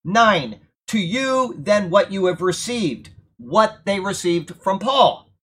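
A man's voice: high voice, lively intonation, slow, fairly bright tone. Conversational man preaching a verse-by-verse sermon. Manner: conversational, emphatic, checks in with listeners. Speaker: preacher teaching from Bible.

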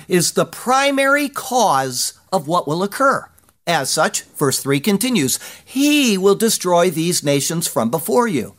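Lively, emphatic Bible commentary reader. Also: mid-range voice. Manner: measured reading with emphatic pauses, reads Hebrew aloud. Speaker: Bible teacher. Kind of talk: scripted verse-by-verse Bible commentary.

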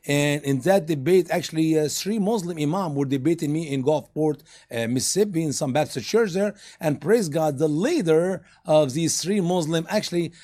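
A man teaching a church study group, emphatic and sarcastic, pushing his voice up into loud peaks. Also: fairly high pitch, moderate pace, hardly any pauses.

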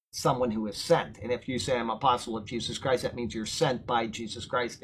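A man teaching a Bible lesson, explaining words verse by verse and drifting into relaxed, chatty tangents. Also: medium pitch, slight background noise, rough recording. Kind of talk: verse-by-verse Bible commentary with casual asides.

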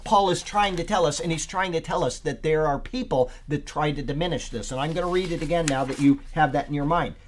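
Man teaching scripture on a podcast, voice a touch high; loose and rambling, stresses emphatic words as he reads. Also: a little fast, few pauses, a little hiss or hum. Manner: searches for words with many fillers. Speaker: Bible study teacher. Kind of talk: podcast Bible study talk.

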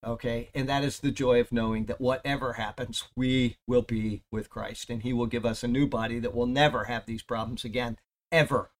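A man's voice: medium pitch, fairly even intonation, moderate pace. A man preaching a conversational Bible study sermon, reading scripture aloud with emphatic rises and joking with his listeners between verses. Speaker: pastor.

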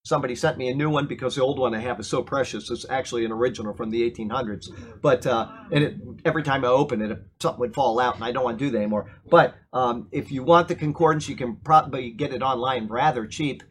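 A man's voice: mid-range voice, fast, a little hiss or hum. Emphatic man teaching a Bible class. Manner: emphatic, asks the class "okay?" often. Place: church classroom.

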